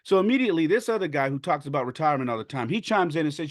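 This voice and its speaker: A man's voice: fairly high pitch, racing, few pauses, no room sound, studio quality. A man hosting a podcast, venting in a casual, indignant storytelling style and acting out what others said. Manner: indignant, animated, acts out quotes. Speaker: podcast host.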